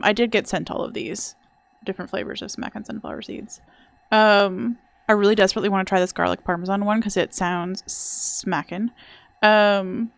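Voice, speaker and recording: A woman's voice: mid-range voice, dry recording. A young adult woman streaming a video game, chatting casually in a rambling, self-deprecating way. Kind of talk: casual gameplay chat.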